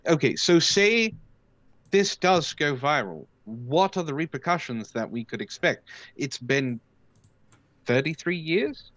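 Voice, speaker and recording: A man's voice: fairly high pitch, lively intonation, a little slow, a bit bright, no room sound. A man in a casual live online discussion, reacting in an indignant, blunt way and swearing freely.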